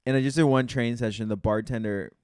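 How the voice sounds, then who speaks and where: Smooth-voiced laid-back man. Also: medium pitch, steady tone, fast talker, darkish tone, dry recording, clean studio sound. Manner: laid-back, teasing, swears casually. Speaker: podcast co-host. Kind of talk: casual comedic chat.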